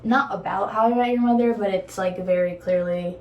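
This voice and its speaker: A woman's voice: mid-range voice, brisk, echoey room, distant mic, dull audio, a little hiss or hum. A young woman vlogging in a casual, rambling, candid way, swearing freely and trailing off into whispers. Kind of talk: casual chat.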